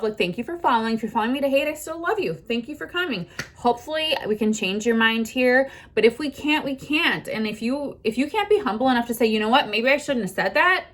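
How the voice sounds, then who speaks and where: Brief: young woman vlogger, slightly high voice, defiant, swears nonstop, phone recording in a car. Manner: heated, profane, defiant ranting. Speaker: content creator. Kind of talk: ranting to camera. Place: inside a car.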